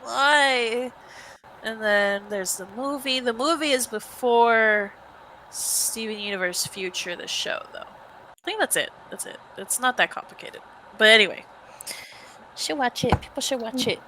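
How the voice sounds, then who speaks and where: A young woman with a bright, sharp tone and a somewhat high voice chats on a podcast. She rambles through stories and laughs often, over a faint hiss. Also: normal speed, poor audio. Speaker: podcast co-host. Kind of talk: casual chat.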